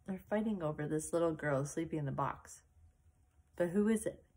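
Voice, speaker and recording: A woman reading a picture book aloud to a child, slowly and expressively, with little asides about the pictures. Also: low voice, darkish tone.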